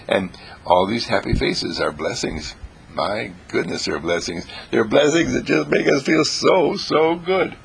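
A man giving an exuberant inspirational monologue, with a husky, gravelly voice, swooping between high exclamations and low murmurs and repeating his phrases. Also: brisk.

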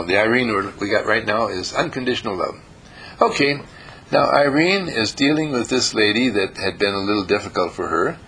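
Gravelly man giving a slow spiritual talk. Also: mid-range voice, sharp tone, rough recording. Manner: slow, emphatic and repetitive. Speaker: spiritual teacher.

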